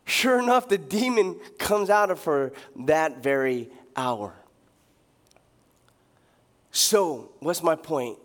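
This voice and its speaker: Preaching a sermon slowly and pausing often, this young man's voice is strikingly high. His storytelling is lively and jokey, he chuckles at his own asides, and he sometimes mimics loud street preachers with dramatic leaps in pitch.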